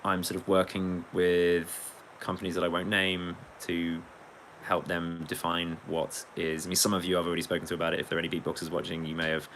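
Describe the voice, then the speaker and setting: Low, monotone, and a little fast, the English man's voice has a fairly bright tone over a rough recording with slight background noise. He's a musician chatting casually on a livestream, rambling, swearing, joking around, and reading out viewer comments.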